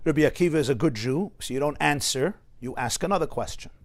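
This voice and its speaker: A rabbi teaching a lecture-style class in a study hall, telling stories with asides and building to emphatic, impassioned peaks. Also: male voice, a little high, quick pace. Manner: storytelling with asides to listeners.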